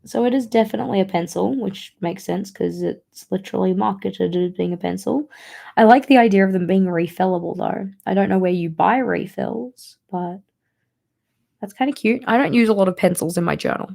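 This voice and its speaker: A young woman with a tired, hoarse voice, chatting casually and rambling through a show-and-tell of her haul. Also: mid-range voice, brisk, mellow. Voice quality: gravelly. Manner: chatty, rambling with many fillers. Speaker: planner vlogger.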